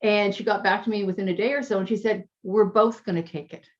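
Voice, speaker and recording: Female coach, interview guest; warm storytelling, emotional, slightly dull recording. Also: medium pitch, fairly even intonation, fast talker. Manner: chatty, emotional, gets teary. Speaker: health coach.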